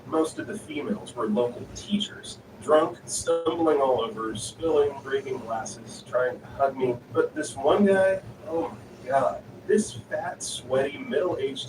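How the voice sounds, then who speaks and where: Guy narrating reddit-style stories, kinda far off, roomy echo, noisy hum behind. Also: medium pitch. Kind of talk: reading online stories aloud. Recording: echoey, distant voice with noisy ambience.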